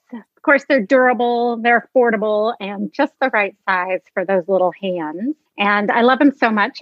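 A woman's voice: mid-range voice, no echo, lo-fi sound. A woman guest on a chat show, recommending children's books with enthusiasm. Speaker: guest, board book author. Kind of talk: casual chat, book recommendations.

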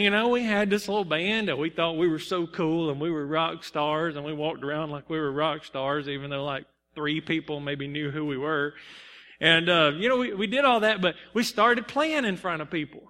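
Young male preacher, high and bright, earnest storytelling sermon in a reverberant church. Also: moderate pace. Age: young adult. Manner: earnest, personal storytelling with bursts of emphasis. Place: church sanctuary. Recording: long hall reverb.

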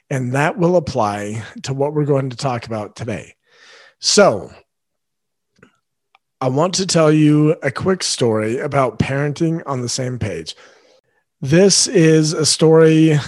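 A man's voice: mid-range voice, darkish tone, no room sound. Earnest man hosting a podcast, dry sound. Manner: earnest, speaks directly to listeners. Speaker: parenting podcast host; father. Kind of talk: solo podcast monologue.

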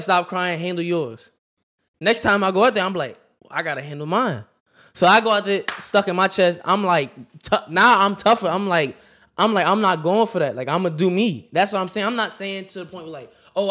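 Man, slightly high voice, casual slangy storyteller on a podcast. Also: pushed and bright. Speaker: podcast host.

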